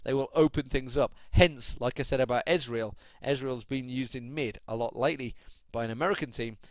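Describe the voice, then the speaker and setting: A man streams his own match commentary, chatting and laughing as he answers his viewers. His voice sits at an ordinary middle pitch and is recorded dry and close, with no room around it. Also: a little fast, no room sound. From United Kingdom. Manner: chatty, laughing, ranting at chat. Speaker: esports caster. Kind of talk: solo live stream commentary.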